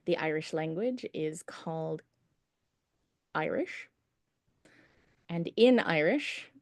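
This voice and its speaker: A woman's voice: sits low, lively intonation, no echo. Patient woman teaching singing online. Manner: patient, encouraging, explains slowly. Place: home setup on a video call. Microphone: video call.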